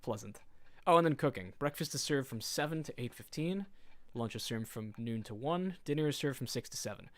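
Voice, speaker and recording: A man's voice: medium pitch, lively intonation, a little fast. A man casually commenting while streaming a game, joking and reading in-game notes aloud.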